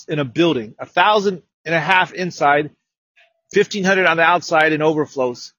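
A man preaching a sermon, telling a story with many repeated words and building to loud, emphatic declarations. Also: fairly high pitch, normal speed, no room sound, lo-fi sound.

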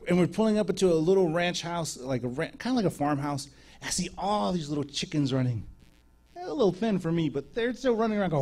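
A man preaching a sermon, telling mission stories in an animated way, acting out voices and laughing often, in a church before a live audience. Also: high-pitched, slightly rough. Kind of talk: sermon storytelling.

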